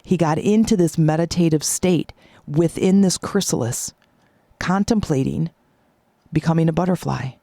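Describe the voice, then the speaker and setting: A woman's voice: sits low, moderate pace, dark tone, no echo, studio quality. A woman hosting a motivational podcast, coaching listeners in an emphatic, repetitive way. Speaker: podcast host.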